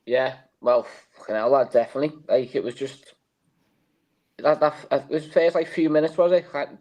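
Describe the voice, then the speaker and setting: A man's voice: medium pitch, steady tone, moderate pace, a little mellow. A man, co-hosting a casual football fan show, rambling and swearing, calling everyone "lad".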